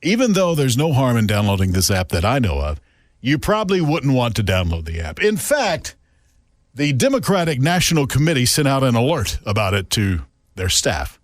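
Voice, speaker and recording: A man's voice: medium pitch, moderate pace, no room sound. A man hosting a podcast in casual, joking chat with a friend, recorded in a radio station studio. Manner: chatty, animated, joking. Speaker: podcast host.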